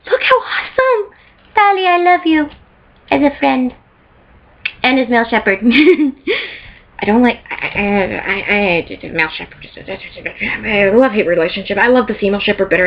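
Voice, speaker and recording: A young woman chatting excitedly in a casual vlog, rambling, correcting herself and laughing as she goes. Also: medium pitch. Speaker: vlogger. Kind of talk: casual show-and-tell vlog. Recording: dull lo-fi home video.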